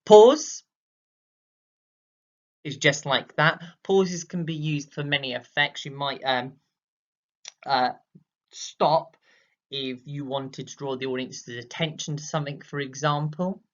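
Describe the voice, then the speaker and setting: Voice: mid-range voice, steady tone, a little slow, a bit bright, dull audio. A drama teacher giving a recorded lesson, explaining patiently with many fillers and acting out examples.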